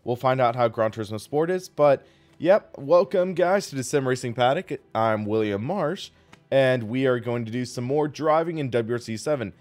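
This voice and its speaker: A man's voice: medium pitch, expressive, moderate pace, a little mellow, faint music behind. A man hosting a live sim racing stream, chatting casually and rambling as he plays and thanks viewers.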